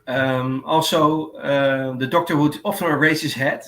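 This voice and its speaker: This livestream host, a native Dutch speaker, sounds hesitant as he chats casually, glancing at notes and filling gaps often. His fairly high, slightly bright voice is unhurried with fairly even intonation, and the echoey room adds faint background noise.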